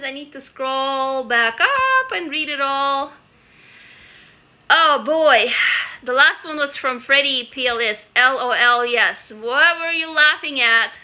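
A woman talks candidly and chattily into a phone held in her hand, reading out viewer comments. Her voice sits high and sounds sharply bright. She restarts often and swears freely. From Russia. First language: Russian. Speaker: livestreamer. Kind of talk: casual live-stream chat reading viewer comments. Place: home office, sitting on a couch. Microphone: handheld phone.

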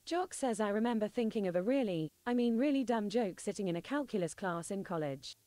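A woman's voice: mid-range voice, lively intonation, brisk, dark tone, no echo. Synthetic female voice reading chat messages. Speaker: text-to-speech chat reader. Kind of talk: reading viewer messages aloud.

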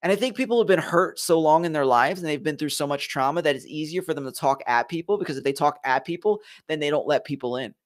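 A man's voice: a little high, quick pace, few pauses. A man from Philadelphia hosting a motivational live stream, speaking earnestly and with emphasis straight to his viewers. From Philadelphia, USA. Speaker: host of a leadership live stream.

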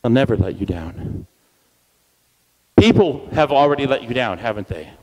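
A man speaking as a guest at a church service, energetic and playful, leading the crowd in call-and-response chants. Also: medium pitch, normal speed, dull audio. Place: church hall. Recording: long reverb of a church hall.

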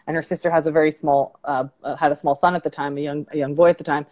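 Woman life coach, interview guest, earnest storyteller, lower pitch. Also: little pitch movement, quick pace, darkish tone. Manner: earnest, storytelling, self-reflective. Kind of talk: conversational interview.

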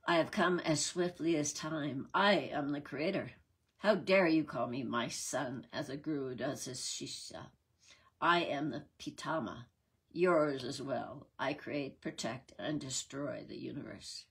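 A woman's voice: low voice, measured pace, slightly rough, exaggerated voice. A woman reading aloud, voicing an arrogant male creator god in a retold myth. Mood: indignant. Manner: haughty, indignant.

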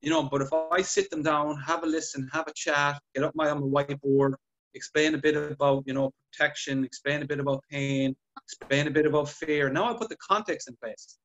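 A man chatting on a podcast, telling patient stories with lively acted-out dialogue. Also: on the high side, a little fast, highs cut off. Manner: animated storytelling, acts out patient dialogue. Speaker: podcast guest clinician. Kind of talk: casual podcast chat.

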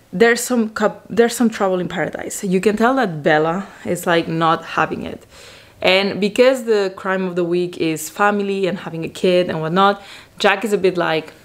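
Lower-pitched woman, rambling chatty vlogger. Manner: rambling, excitable, heavy use of "like" fillers. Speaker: vlogger recapping a TV series. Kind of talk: casual chatty recap.

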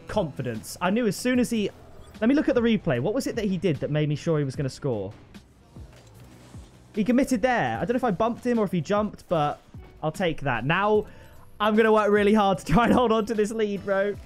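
A young man hosting a gaming channel, commentating his own match live and bursting into excited shouts at big plays. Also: sits high, fairly quick, pauses often, faint music behind.

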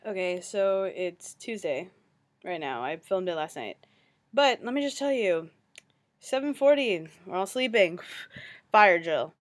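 A woman's voice: medium pitch, animated, measured pace. A young woman telling a matter-of-fact story in a casual vlog. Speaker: vlogger.

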